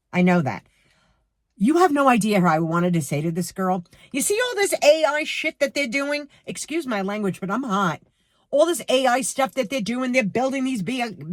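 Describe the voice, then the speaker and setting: A middle-aged woman with a New York accent ranting to her viewers about a rude cashier, heated and animated, speaking to them directly. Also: mid-range voice, no echo, clean studio sound. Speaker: vlogger. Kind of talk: storytime rant to camera.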